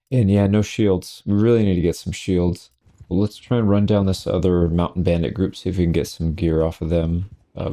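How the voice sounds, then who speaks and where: A man with a low voice and a mellow, dark tone talks through his gameplay in a relaxed, chatty way. He reacts to fights and loot as he plays, never formal. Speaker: gaming channel host. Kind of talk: casual gameplay commentary.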